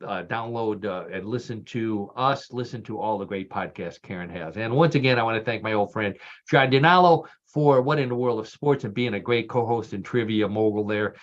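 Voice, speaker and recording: Joking Texan host with a lo-fi sound. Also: male voice, lowish voice, moderate pace, hardly any pauses. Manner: chatty and jokey, laughs often, with frequent "uh" restarts. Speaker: show host. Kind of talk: casual radio chat, hosting a news quiz.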